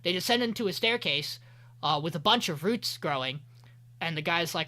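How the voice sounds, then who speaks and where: A man hosting an anime podcast, recapping an episode in a loose, profane way and quoting characters in quick voices. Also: a little high, expressive, sharp tone. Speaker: podcast host.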